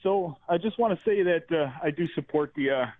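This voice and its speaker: A man calls in to a radio show, friendly but hesitant, filling gaps with ums and uhs. His mid-pitched voice comes through a tinny phone line. The sound is dry, with no room around it. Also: fairly quick, no echo. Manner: hesitant, friendly, many fillers. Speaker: caller. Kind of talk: calling in to talk radio.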